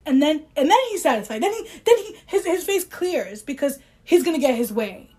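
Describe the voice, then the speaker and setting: A woman's voice: sits high, sing-song, a little fast, few pauses, a little mellow. A woman co-hosting a casual podcast chat, joking sarcastically and reading passages aloud with frequent laughter. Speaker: podcast co-host.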